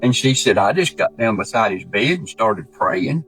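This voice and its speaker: A man telling a true story in a folksy, animated way, acting out the voices he quotes. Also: fairly low pitch, normal speed, faint music behind. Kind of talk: casual spoken storytelling.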